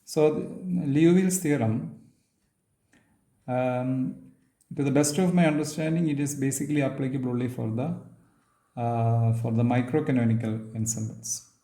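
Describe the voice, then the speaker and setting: A man giving a physics lecture, pausing often with fillers and restating points as he writes. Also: mid-range voice, warm tone, echoey room. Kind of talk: physics lecture while writing on a board.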